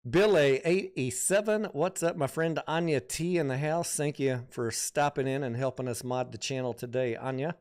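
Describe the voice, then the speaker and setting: Smooth-voiced man hosting a market livestream. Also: medium pitch, moderate pace, hardly any pauses. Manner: chatty, reads viewer comments aloud, thinks out loud. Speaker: stock market livestream host. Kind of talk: casual livestream commentary.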